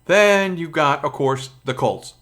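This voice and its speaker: A man's voice: on the high side, expressive, takes it slowly, a bit bright. Rambling Brooklyn-accented man, crude and chatty. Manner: crude, profane, chatty with many fillers. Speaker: gaming channel host. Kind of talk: casual rambling monologue.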